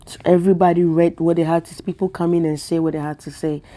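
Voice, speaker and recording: A woman's voice: on the low side, flat delivery, fast, mellow. Impassioned tearful woman vlogger. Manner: impassioned, repetitive, preacher-like. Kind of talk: emotional spiritual monologue.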